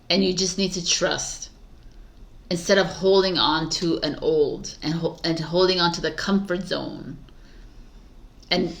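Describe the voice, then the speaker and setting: Slow easygoing woman doing a tarot reading, giggly and rambly, kinda muses over the cards. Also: on the low side, vocal fry, a bit bright. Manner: giggly, rambling and self-mocking; slow, musing and affirming while reading cards. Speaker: tarot reader. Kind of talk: tarot card reading to camera.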